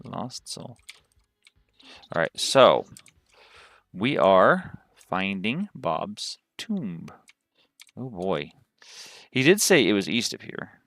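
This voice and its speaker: A man's voice: lowish voice, sing-song, takes it slowly, pauses often, fairly bright tone, dry recording, studio quality. A man from the southern United States giving chatty, rambling commentary as he plays a game on a livestream. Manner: chatty, rambling, thinks aloud while playing. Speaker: game streamer.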